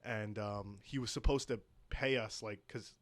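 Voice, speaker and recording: Telling a casual story as a podcast guest, this young man has a voice on the low side with fairly even intonation at normal speed. His delivery rambles, leans heavily on "like", and includes swearing.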